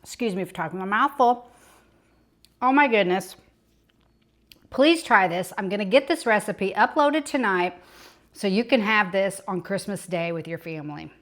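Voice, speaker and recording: A woman's voice: mid-range voice, animated, normal speed, fairly bright tone. A woman filming a casual home baking vlog in her kitchen, gushing and exclaiming often, on a small clip-on mic. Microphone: small clip-on microphone.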